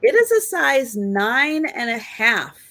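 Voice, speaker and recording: A woman's voice: a little high, very animated, slow, sharp tone, low-quality recording. A woman hosting a live online vintage sale, describing items and calling out bids. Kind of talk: live online sales auction.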